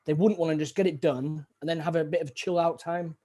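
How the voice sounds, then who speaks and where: A man's voice: fairly high pitch, fairly even intonation, fast, warm tone. A man, an army veteran chatting casually as host, joking and acting out little scenes. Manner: chatty, swears and jokes, acts out scenes. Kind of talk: casual chat.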